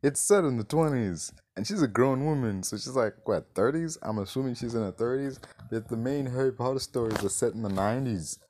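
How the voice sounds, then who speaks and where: A man's voice: mid-range voice, brisk, hardly any pauses, darkish tone. A man reviewing a movie in a casual rant, exasperated, swearing and firing off rhetorical questions.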